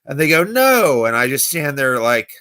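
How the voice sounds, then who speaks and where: Young man, magician livestreamer, bright tense voice, casual storytelling, acts out quotes. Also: medium pitch, a little fast, clean tone. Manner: storytelling, acting out quoted people. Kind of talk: casual late-night livestream chat.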